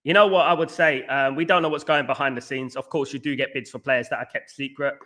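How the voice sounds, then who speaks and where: A young man from England, hosting a casual fan livestream, rambling, repeating himself and giving viewers shout-outs. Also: medium pitch, fairly even intonation, quick pace. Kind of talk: casual livestream chat, reading viewer comments.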